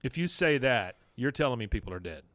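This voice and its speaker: A chatty man of middle pitch hosts a podcast, recapping an episode and quoting lines with quick asides. The sound is dry and close. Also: big pitch swings, fairly bright tone, dry recording. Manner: chatty, reads out quotes with laughs. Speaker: podcast host.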